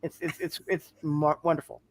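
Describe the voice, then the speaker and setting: A man with a high voice co-hosting a relaxed live stream chat. He stammers and doubles back on his words while agreeing with the others. The sound is dry and close. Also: moderate pace, no room sound.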